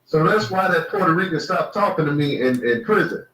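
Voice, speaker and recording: Laid back guy with a bit of a high voice, rambling and asking stuff, sounds far off the mic. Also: expressive, brisk, fairly bright tone, slight background noise. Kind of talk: casual profane chat. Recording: roomy echo, distant mic.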